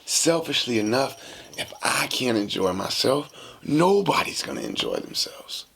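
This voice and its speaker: A man hosting a podcast, telling a casual story in a slangy, animated way and acting out the dialogue. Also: mid-range voice, a little slow, vocal fry, slightly rough. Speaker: podcast host.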